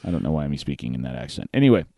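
Joking radio host with a lively voice. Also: male voice, very deep voice, rapid-fire, dry recording, studio quality. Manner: joking, laughs often. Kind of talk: casual on-air banter.

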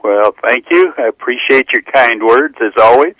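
Male caller reciting his poem, measured delivery, expressive pitch, phone-line sound. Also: no room sound. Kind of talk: poetry reading over the phone.

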